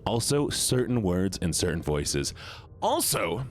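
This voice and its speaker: A man's voice: sits low, very animated, takes it slowly, slight background noise. A man streaming live, chatting casually with viewers, rambling, stumbling over his words and giggling often. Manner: stumbles and restarts mid-sentence.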